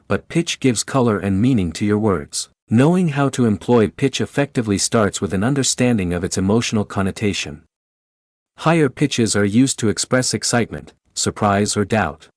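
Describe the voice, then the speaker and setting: A man giving scripted, measured, instructive narration about speaking skills. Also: lowish voice, a little mellow, no room sound, studio quality.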